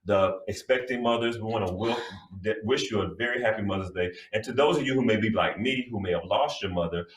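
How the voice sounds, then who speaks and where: A man's voice: lowish voice, fairly quick. A man co-hosting a faith talk show, offering earnest holiday greetings and prayers. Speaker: co-host. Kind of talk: casual chat. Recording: echoey room, voice from a distance.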